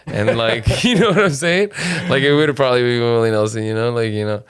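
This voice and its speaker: A man in his thirties, a comedian guest telling animated stories in casual chat, swearing freely and saying "man" and "dude" a lot. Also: medium pitch, a little fast, clean tone. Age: 30s.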